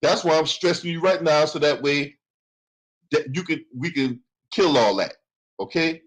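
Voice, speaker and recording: A man's voice: on the high side, measured pace, poor audio. A man hosting a commentary channel, reading from a lawsuit and breaking into profane, sarcastic rants.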